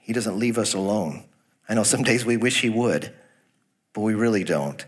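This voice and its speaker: A man's voice: lowish voice, lively intonation, moderate pace. A male pastor preaching a sermon, asking the congregation direct questions, reading scripture aloud and making folksy jokes. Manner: folksy, jokes about a Texas accent.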